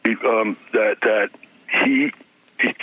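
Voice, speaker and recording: A man's voice: on the low side, slow pace, creaky, husky, no room sound. Author guest, male, phone-line sound, acts out quotes while storytelling. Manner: animated storyteller acting out quotes. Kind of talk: casual interview chat.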